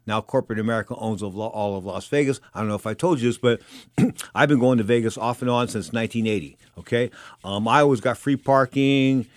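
An older man hosts a talk radio show on boxing, talking fast in a loose, rambling monologue. He is opinionated and circles back over the same points again and again. His voice is close and dry on a studio microphone. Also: mid-range voice, no echo. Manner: rambling, opinionated, repeats himself.

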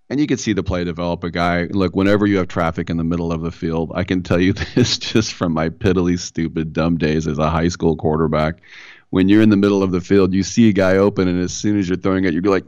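A man's voice: low-pitched, darkish tone, dry recording, dull audio. A man hosting a solo sports talk show, casual and opinionated with wry asides. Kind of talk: solo sports radio monologue.

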